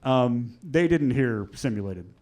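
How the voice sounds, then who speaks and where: A man doing a stand-up comedy set on a club stage, telling stories with energy, acting out shouted quotes and swearing. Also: medium pitch, unhurried. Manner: animated storytelling, acts out shouted quotes, swears. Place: comedy club stage before a live audience. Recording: live club audio with crowd laughter and noise. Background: audience laughing.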